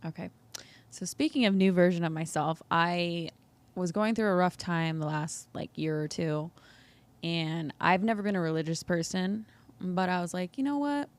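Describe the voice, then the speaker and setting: Candid, low-voiced woman podcast guest. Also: fairly even intonation, moderate pace. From United States. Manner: open, upbeat, laughs often, uses "like" a lot. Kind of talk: candid conversational interview.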